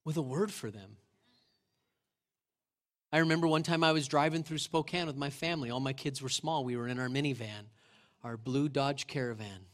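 A middle-aged male pastor giving a sermon in a church, retelling scripture as lively storytelling and asking the congregation questions. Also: medium pitch, moderate pace, long pauses. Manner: conversational, asks the congregation questions. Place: church sanctuary.

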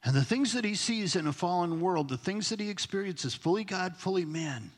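A man's voice: sits high, animated, brisk. A man preaching a sermon as pastor, emphatic, sometimes dropping to a near-whisper to stress a point. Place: church sanctuary. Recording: long hall reverb.

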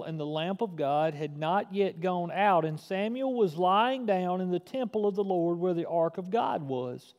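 A man preaching a sermon as a pastor, reading scripture aloud and pressing his points with bursts of loudness and frequent restarts. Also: a little high, big-room sound. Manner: animated, rising loud for emphasis, frequent restarts.

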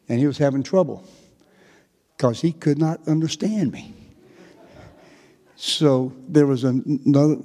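A man in his sixties with a North Carolina accent, preaching a folksy, chatty sermon. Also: mid-range voice. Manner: relaxed, chatty, laughs often. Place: church hall. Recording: echoey church hall.

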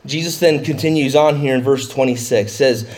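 A man preaching a verse-by-verse sermon in a conversational way, getting animated when he paraphrases. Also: medium pitch, moderate pace. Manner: conversational, rising excitedly when paraphrasing Jesus. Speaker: pastor. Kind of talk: expository sermon.

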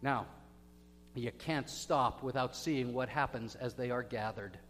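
Pastor preaching in an echoey church. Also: male voice, medium pitch, a little slow, soft background music. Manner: dramatic storytelling, swings from hushed to loud. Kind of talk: sermon. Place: church sanctuary. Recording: echoey hall with faint hum.

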